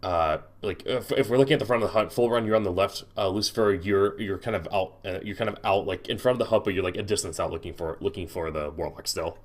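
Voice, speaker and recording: A man's voice: deep voice, fast, few pauses. A man narrating as game master of a tabletop game, hesitant and full of restarts.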